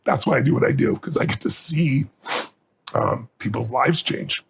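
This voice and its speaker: A man's voice: medium pitch, normal speed, vocal fry, slight background noise. A middle-aged man, a guest in an interview, telling stories earnestly and intensely and choking up with emotion. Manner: earnest, intense, gets choked up. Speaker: guest speaker.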